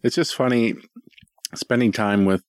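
A man's voice: mid-range voice, steady tone, unhurried, clear, resonant tone, dry recording, studio quality. A man in his thirties co-hosting a podcast, chatting casually with jokes and frequent swearing. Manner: joking, profane, playful. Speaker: podcast co-host. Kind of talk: casual comedic chat.

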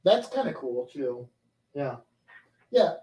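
A man co-hosting a casual show, talking in a relaxed, rambling way with many restarts. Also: fairly high pitch, takes it slowly, husky. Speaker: podcast co-host. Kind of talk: casual chat.

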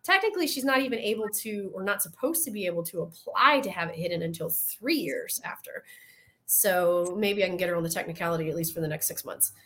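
Woman, Southern US accent, podcast host, casual chat, animated, swears freely, acts out quotes. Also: on the low side, a little fast.

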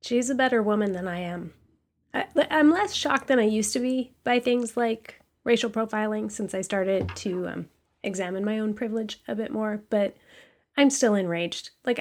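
Gravelly-voiced woman podcast host. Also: mid-range voice. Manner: emphatic, indignant, then measured reading. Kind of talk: solo podcast commentary and reading.

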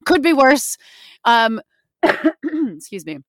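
A young woman co-hosting a casual film podcast, animated and playfully sarcastic, laughing often. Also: on the high side, slow pace, dry recording, clean studio sound. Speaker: podcast co-host. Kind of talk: casual chat about films.

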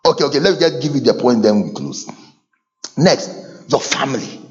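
Animated preacher man, lo-fi sound. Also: brisk. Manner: animated, swings between low asides and high shouts. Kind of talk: sermon.

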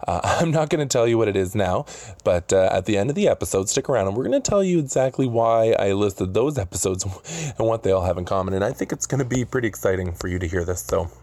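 Talking fast with lively intonation, this podcast host has a fairly low, darkish voice and no room sound on his studio booth mic. His casual interview chat wanders, full of fillers, chuckles, and restarts.

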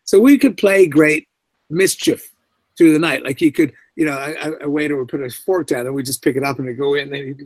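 A middle-aged actor, interviewed as a guest, tells anecdotes in a mid-range voice with no echo. He's an animated storyteller who acts out the voices of the people he quotes.

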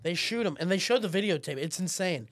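A young man chats on a podcast, retelling events with excited energy and sudden loud acted-out quotes. His voice sits a little high. The studio sound is dry and close. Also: fairly quick, no room sound. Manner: excited storyteller, acts out quoted voices loudly. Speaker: podcast co-host. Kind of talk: casual chat.

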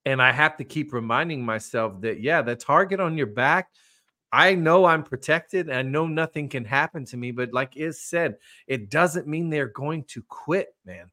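A man's voice: on the high side, normal speed, sharp tone. A man hosting a podcast, talking earnestly and personally in casual faith talk. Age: adult with children. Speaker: podcast host.

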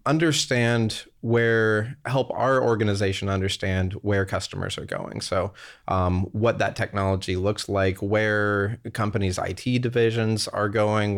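A young adult man, an interview guest and company executive, telling a rambling anecdote with fillers and laughs. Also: fairly low pitch. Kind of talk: casual storytelling interview.

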